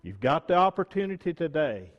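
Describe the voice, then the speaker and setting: A man preaching a sermon, reading scripture and explaining it slowly and deliberately, with emphatic bursts on key words. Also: a little high, sing-song, in a large hall, highs cut off. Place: church sanctuary.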